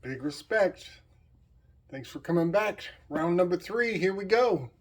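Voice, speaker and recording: A man's voice: high-pitched, animated, unhurried. A man hosting his own video, speaking in a casual, rambling monologue full of hesitations, fillers and small chuckles. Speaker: video host.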